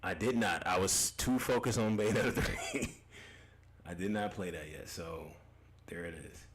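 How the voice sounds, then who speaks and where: A man's voice: sits low, measured pace, fairly bright tone, slight background noise. A young man hosting a casual gaming livestream, reading chat comments aloud, loose and profane, laughing often and repeating himself.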